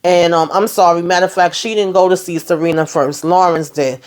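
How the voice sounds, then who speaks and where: A woman's voice: fairly low pitch, fairly even intonation, fairly quick, a little mellow. A woman hosting a casual TV episode recap, sassy and colloquial, talking back to the characters. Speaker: TV recap host.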